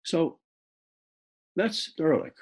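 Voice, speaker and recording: An older author from the Bronx, New York, tells personal stories reflectively, halting often and repeating words. His voice is fairly high with lively intonation, and he speaks extremely slowly.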